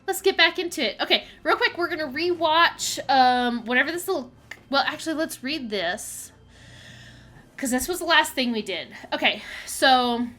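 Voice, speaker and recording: A woman's voice: fairly high pitch, sharp tone. A young woman streamer chatting casually while playing a mystery game, reading its text aloud and laughing often. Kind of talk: casual gameplay commentary. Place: home streaming setup.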